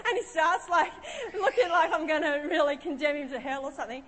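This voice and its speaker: High-voiced woman preacher, echoing hall. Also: animated, normal speed, hardly any pauses, fairly bright tone, a little hiss or hum. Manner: chatty, humorous, conversational with fillers. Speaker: pastor. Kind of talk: sermon storytelling.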